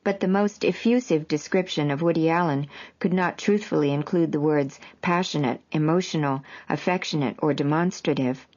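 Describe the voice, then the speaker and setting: The memoir is read by its author, a woman whose voice is very low and whose delivery is calm and even. Sound is dull, lo-fi and short on treble.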